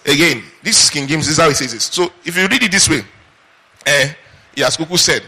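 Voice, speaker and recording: A man preaches with a high, bright voice that carries a husky edge. He keeps throwing questions out to the congregation and waiting for them to answer. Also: lively intonation, fast talker. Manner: call-and-response questions to the congregation. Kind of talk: sermon.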